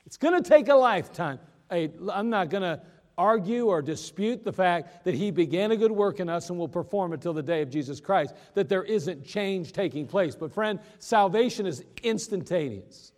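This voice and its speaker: Male pastor, high voice, folksy sermon delivery with emphatic slowdowns, reverberant hall. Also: expressive, darkish tone.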